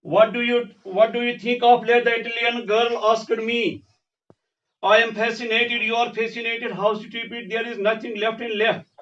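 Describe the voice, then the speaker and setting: A man's voice: very high voice, level tone, normal speed, fairly bright tone, recorded from a distance. A male teacher, reading a textbook passage aloud and explaining it line by line, often repeating phrases. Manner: reads lines aloud then explains them plainly, repeating phrases. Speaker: English teacher. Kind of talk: classroom lecture reading and explaining a text. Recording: dull lo-fi sound, voice off the mic.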